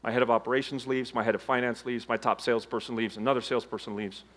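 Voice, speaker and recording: A middle-aged man giving a motivational keynote on stage, telling his story with dramatic swings between loud emphasis and hushed low tones. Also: fairly even intonation, quick pace. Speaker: keynote speaker. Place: conference stage before a live audience.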